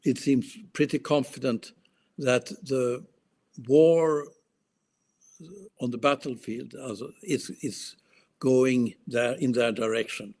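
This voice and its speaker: A man, speaking as a guest analyst in casual talk. He speaks very slowly, pausing and restarting often as he searches for words. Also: medium pitch, steady tone, a little mellow. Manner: slow, halting, many restarts and fillers. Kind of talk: casual political discussion.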